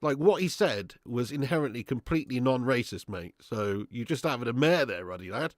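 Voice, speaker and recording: A man hosts a live football watch-along, chatting loosely with his viewers and swearing now and then. His voice sits at an everyday middle pitch. The sound is dry and close to the mic. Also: animated, normal speed, no room sound. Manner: laid-back banter, reads out super chats, swears freely. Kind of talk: casual live-stream chat and commentary.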